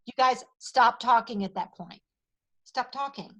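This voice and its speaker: Woman, Southern US accent, sales trainer, upbeat, high voice. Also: animated, moderate pace, a bit bright, poor audio. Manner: upbeat, role-plays customer chat with quoted lines. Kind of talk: training talk to a sales team.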